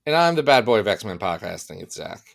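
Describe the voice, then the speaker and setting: Animated, playful man co-hosting a podcast. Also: lowish voice, brisk, gravelly. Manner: playful, self-mocking, animated. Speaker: podcast co-host. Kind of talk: casual comedic chat.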